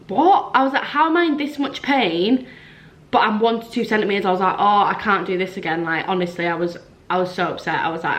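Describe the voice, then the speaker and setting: Young woman, vlogger, slightly low voice, chatty storytelling with lots of "like". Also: fairly bright tone. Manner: chatty, frequent "like", acts out quoted dialogue. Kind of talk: casual storytelling to camera.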